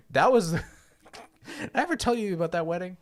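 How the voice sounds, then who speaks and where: A man co-hosting a podcast, telling a story in casual chat, lively and swearing often, with loud outbursts. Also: high voice, normal speed. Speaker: podcast co-host. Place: lives in Japan.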